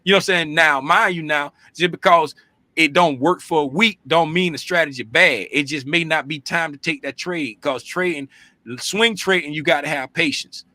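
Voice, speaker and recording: A man hosting a casual trading chat, coaching in an animated, repetitive way and often asking if you follow. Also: fairly high pitch, normal speed, no echo. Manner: animated, repetitive, keeps asking "you see what I'm saying". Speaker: trading show host.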